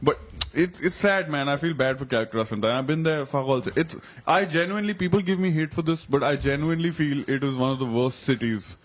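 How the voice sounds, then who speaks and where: A young man with a somewhat high voice, hosting a comedy podcast. He riffs in sarcastic, profane rants, loose and chatty. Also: brisk, hardly any pauses. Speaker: podcast host. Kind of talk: casual comedic chat.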